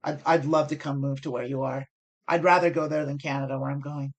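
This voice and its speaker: A woman's voice: a bass voice, fairly even intonation, brisk. American woman explaining poker moves. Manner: thinking aloud, self-correcting. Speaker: poker streamer. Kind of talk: live-stream strategy commentary.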